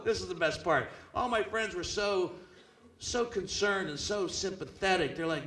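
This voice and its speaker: A man emceeing a live event, telling a comic story with loud animated bursts and hushed deadpan asides. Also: sits high, normal speed. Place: banquet hall at a club event. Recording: echoey hall, distant mic.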